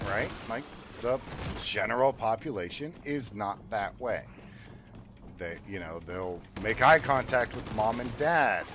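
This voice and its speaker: A man's voice: on the low side, background noise. Blunt, profane man streaming a game. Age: adult parent. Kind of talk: casual chat while gaming. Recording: game sounds and gunfire behind. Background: game ambience and gunfire.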